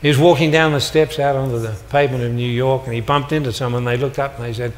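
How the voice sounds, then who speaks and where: A man's voice: mid-range voice, steady tone, fast talker, few pauses. An older man giving a motivational talk to a live audience, telling stories and acting out the dialogue with punchy comic timing. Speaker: motivational speaker. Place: large hall before an audience. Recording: live hall recording with long reverb.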